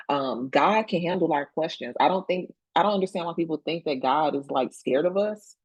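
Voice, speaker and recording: A woman's voice: deep voice, unhurried, darkish tone, breathy edge, no echo, poor audio. A woman speaking directly and reflectively as a panelist on a video call. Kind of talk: casual panel conversation.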